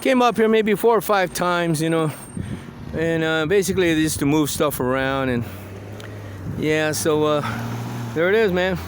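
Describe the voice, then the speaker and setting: A man's voice: on the high side, a little slow, background noise. A man telling rambling stories in a casual walking vlog, acting out the voices he quotes, outdoors on a hillside street. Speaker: vlogger.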